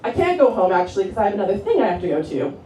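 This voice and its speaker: A woman's voice: medium pitch, very fast, a little hiss or hum. Chatty stand-up comedian woman, roomy and distant. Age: 30s. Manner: chatty, filler-heavy storytelling with deadpan punchlines. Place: comedy club stage. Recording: roomy club sound from a distance, loud crowd laughter. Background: audience laughing.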